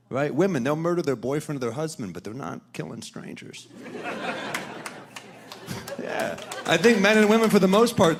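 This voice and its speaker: A man performing stand-up comedy on a club stage into a handheld mic, with a dry, deadpan delivery. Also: fairly high pitch. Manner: deadpan, dry delivery, talking back to a heckler. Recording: live club recording, laughing crowd.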